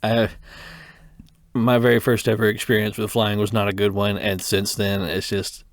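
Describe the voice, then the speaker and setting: A man's voice: lowish voice, level tone, moderate pace, no room sound, studio quality. A young man co-hosting a podcast, telling rambling stories in casual chat and laughing often. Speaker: podcast co-host.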